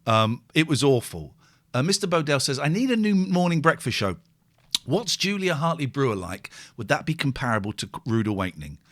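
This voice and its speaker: A middle-aged man, hosting a casual chat and talking in an animated, exclamatory way with plenty of swearing. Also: medium pitch, brisk. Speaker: host.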